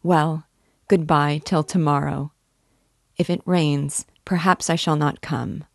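A woman reading the lines of a timid, earnest young girl who speaks softly and hesitantly. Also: sits low, steady tone, takes it slowly, creaky, no room sound, studio quality, exaggerated voice. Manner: soft, hesitant, heartfelt.

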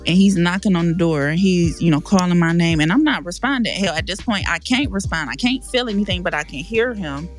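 A woman's voice: on the low side, animated, fairly quick, few pauses, soft background music. A woman guest on a podcast, telling a painful personal story in a frank, emotional, slangy way with many restarts.

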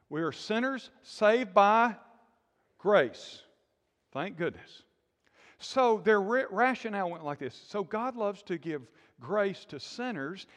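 A man preaching a sermon in a lively call-and-response style, with sudden loud bursts. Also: high voice. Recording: long hall reverb.

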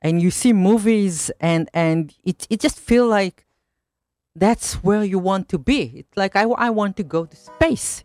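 A woman's voice: medium pitch, measured pace, a little mellow, soft background music. A woman from Israel with an Israeli accent, a journalist being interviewed in a radio studio, often restarting and repeating words as she finds her thought. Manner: hesitant, repeats words when starting a thought. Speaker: guest journalist.

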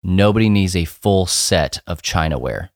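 A man with a very low voice co-hosts a podcast, joking and wry as he talks. His delivery is casual and loose. The recording is dry, with no room sound. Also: animated, moderate pace, no room sound. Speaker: podcast co-host. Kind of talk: casual chat.

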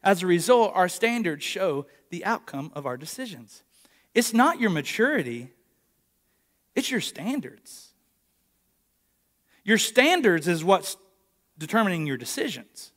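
Male pastor, late 30s, high-pitched, animated sermon storyteller, slightly breathless. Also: measured pace, long pauses. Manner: storytelling, animated, calls for congregation response. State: short of breath from injured ribs. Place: church, live service.

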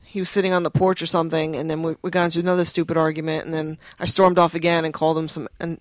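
A woman's voice: sits low, little pitch movement, racing, no room sound. A woman co-hosting a podcast, telling a story in casual chat with a lot of swearing and animation. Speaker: podcast co-host.

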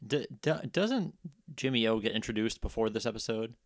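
A man co-hosting a casual chat, talking haltingly with restarts and profane banter. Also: lowish voice, expressive, dry recording, studio quality. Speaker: podcast co-host.

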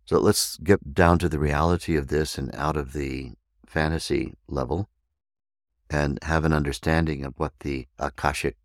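A man hosting a podcast and teaching meditation, speaking deliberately and spelling out words letter by letter. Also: a bass voice, dry recording, clean studio sound.

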